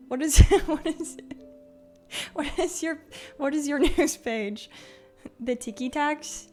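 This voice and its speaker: A young woman with a fairly high-pitched voice chats casually with her viewers during a live stream. She says "like" and "um" a lot, giggles often, and greets chatters by name.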